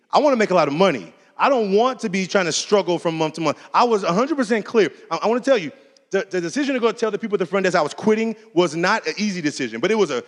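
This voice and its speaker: A man giving a keynote talk, telling a personal story in a casual, conversational way and acting out the dialogue. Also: high voice. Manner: animated, acts out dialogue in different voices. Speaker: keynote speaker. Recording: long hall reverb.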